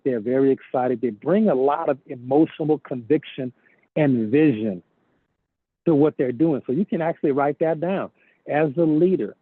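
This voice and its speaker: A man's voice: fairly high pitch, dry recording. Preachy man on a tinny phone line. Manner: preachy, repeats phrases for emphasis. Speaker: network marketing team leader. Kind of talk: motivational leadership training call. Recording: phone-line call audio, dry.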